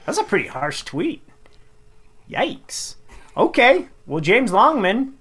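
A woman's voice: mid-range voice, very animated, takes it slowly, pauses often, fairly bright tone, husky. A woman co-hosting a radio show, reading listener tweets aloud in a giggly way and acting out the quoted lines.

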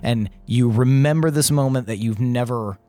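Male GM, mid voice, relaxed storyteller who laughs easily. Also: mid-range voice, moderate pace. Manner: relaxed, laughs often, descriptive. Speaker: game master. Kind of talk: narrating a tabletop game.

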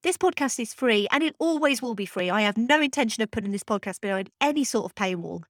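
This is a woman closing out her film podcast, with an eager, chatty manner and a touch of self-mockery. Her voice sits a little high. The recording is close and dry, from a podcast microphone. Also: animated, quick pace, fairly bright tone, dry recording. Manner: chatty, enthusiastic, self-deprecating. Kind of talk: scripted podcast outro.

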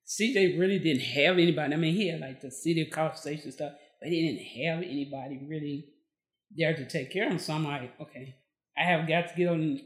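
Fairly quick and low-pitched, a Texan woman guests on a podcast, casually narrating her own story. She brings energy to it by acting out what people told her, and the room has an echo.

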